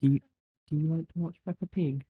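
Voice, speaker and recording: A man's voice: a little high, steady tone, fast talker, husky, phone-quality sound. A man in his twenties, a guest on a podcast, chatting in an easygoing, jokey way with lots of likes. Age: 20s. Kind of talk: casual chat.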